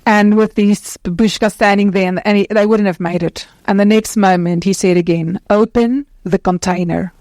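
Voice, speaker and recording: A woman speaking on a conference stage as the founder of an anti-trafficking charity. She talks passionately and earnestly, in quick bursts with many restarts. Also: mid-range voice, little pitch movement, a little mellow, no room sound. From South Africa.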